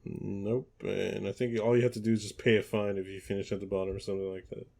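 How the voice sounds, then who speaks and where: A man hosting a football podcast in casual chat, relaxed and hesitant, with many ums and restarts. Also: on the low side, fast, gravelly. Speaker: podcast host.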